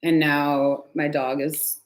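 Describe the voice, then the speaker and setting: A woman with a somewhat low voice talks through a tarot reading from home in a loose, chatty way. She is candid, sighs often and swears now and then. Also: little pitch movement, slow pace. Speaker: tarot reader. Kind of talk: casual live tarot reading.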